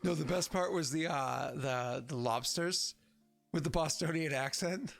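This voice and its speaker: A man's voice: on the high side, measured pace, gravelly, soft background music. Chatty man running a tabletop game. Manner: chatty, jokey, laughs at his own bits. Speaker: game master.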